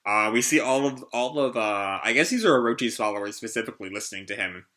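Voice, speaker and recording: A man's voice: medium pitch, animated, quick pace, few pauses, a bit bright. A man hosting a casual live reaction, reading out a comic chapter and rambling with lots of fillers and restarts. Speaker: manga reaction host.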